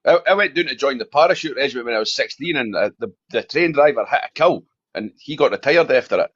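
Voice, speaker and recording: A plumber chats as a guest on a live stream, quick and full of jokey stories. His pitch swings up and down with life. The audio is dull and lo-fi, with no room echo. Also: expressive, a bit bright, slightly rough. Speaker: guest, a plumber known from social media. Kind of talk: casual live-stream chat.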